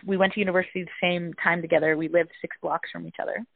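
A woman's voice: on the low side, little pitch movement, fast, gravelly, husky, no room sound. A woman in her forties, a psychologist and author, telling a family story in a casual interview and acting out the voices she quotes. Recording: dry, tinny phone-like audio.

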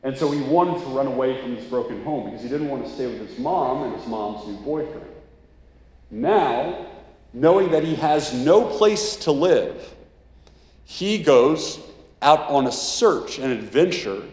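Male preacher, relaxed conversational sermon, dull lo-fi sound with a long hall echo. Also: medium pitch, measured pace. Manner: casual, conversational, many "like" and "you know".

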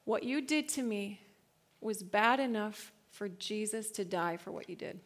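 A woman in her thirties giving a casual, slangy church talk, laughing often and swinging from hushed to loud. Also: medium pitch, a little slow. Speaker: speaker at a church gathering.

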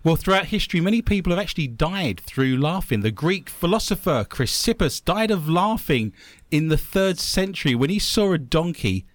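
A man hosts a comedy quiz with a dry joking delivery and laughs at his own gags. His voice sits a bit high and swings up and down with lively energy. The sound is close and dry. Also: moderate pace, no echo. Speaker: quiz show host. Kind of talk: comic hosting, reading listener mail.

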